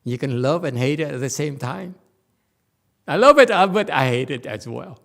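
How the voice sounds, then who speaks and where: A man giving a casual Buddhist dharma lecture as teacher, animated and joking, repeating words and mimicking voices. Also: on the high side, moderate pace, creaky. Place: temple lecture hall.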